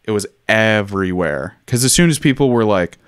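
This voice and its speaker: A man with a lowish, smooth voice walks through history in a relaxed, chatty way. He fills pauses with ums and drops wry asides. The sound is dry and close, with no room around it. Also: no room sound. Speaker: podcast host. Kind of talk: casual history chat.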